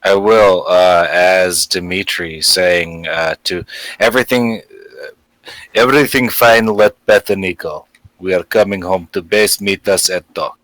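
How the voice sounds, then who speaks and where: A man's voice: low-pitched, fairly even intonation, a bit bright, dry recording, rough recording. A man playing a hearty Russian mercenary in a tabletop game, speaking broken English in a put-on Russian accent. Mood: boastful. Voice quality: broken English, slow and deliberate. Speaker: player.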